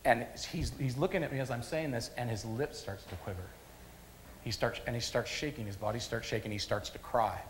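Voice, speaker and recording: A man preaching a sermon at a church service, a lively storyteller who repeats phrases for emphasis. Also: medium pitch, fairly quick, slight background noise. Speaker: pastor.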